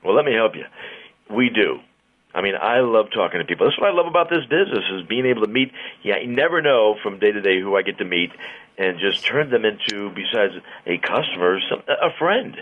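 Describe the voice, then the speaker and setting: A car dealer chats on the air in a playful, teasing salesman's way. His voice sits on the low side and comes through thin and boxy, like a phone call. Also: animated, fairly quick. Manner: jokey, playful salesman patter. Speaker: car dealership owner on a radio segment. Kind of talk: casual radio banter. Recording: tinny phone line.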